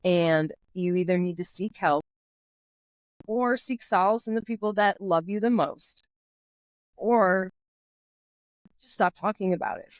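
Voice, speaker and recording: A woman's voice: medium pitch, measured pace, long pauses, no echo. Middle-aged lady ranting on a podcast, blunt and opinionated, dead dry room. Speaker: podcast host. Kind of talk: casual chat.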